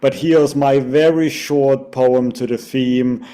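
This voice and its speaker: A man at an online open mic, speaking gently and gratefully with many "you know" fillers, then reading a short poem over a video call. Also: mid-range voice, steady tone, takes it slowly, clean tone. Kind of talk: casual chat and poetry reading.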